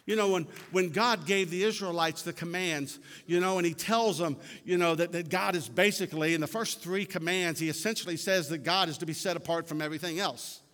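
A man's voice: high-pitched, a little fast, few pauses, a bit bright. A man preaching a sermon in a church, emphatic and folksy, repeating words for stress. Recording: long hall reverb.

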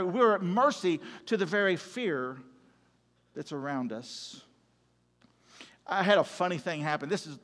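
A man preaching a sermon as a pastor, animated, acting out quotes and swinging between loud and soft. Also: high-pitched. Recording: hall with long reverb.

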